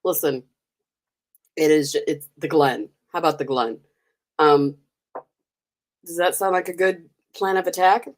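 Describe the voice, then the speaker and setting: An American woman hosts a live stream, chatting casually with her viewers while giggling and teasing them. Her voice is low, and she speaks at a measured pace with long pauses.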